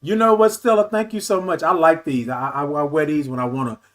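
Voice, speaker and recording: High-voiced animated man hosting a livestream. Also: fairly quick. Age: 50s. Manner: animated, affectionate, calls viewers baby and y'all. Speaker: livestream talk show host. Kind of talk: casual livestream chat reading comments.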